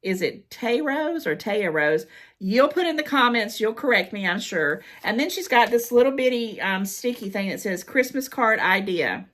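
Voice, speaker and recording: A woman's voice: a little high, animated, normal speed, a bit bright. A middle-aged American woman chatting casually as she reads fan mail aloud, gushing and emotional, often repeating her words. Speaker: haul vlogger.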